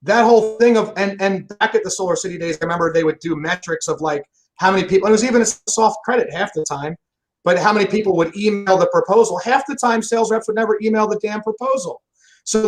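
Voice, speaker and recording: A man talking fast and emphatically in a casual interview about selling, rambling and swearing freely. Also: sits high, poor audio. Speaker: solar sales pro guest.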